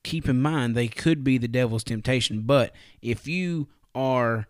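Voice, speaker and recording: A man's voice: mid-range voice, a little slow, clean tone, no room sound, clean studio sound. A man giving a casual morning devotional on his podcast, folksy and plain-spoken, asking his listeners rhetorical questions. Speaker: podcast preacher.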